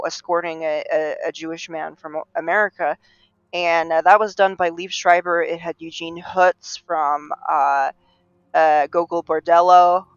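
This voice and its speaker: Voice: mid-range voice, fairly bright tone, smooth, dry recording, muffled recording. A game streamer giving casual, rambling live commentary with lots of fillers and restarts. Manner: rambling, chatty, many fillers and restarts, laughs at own jokes.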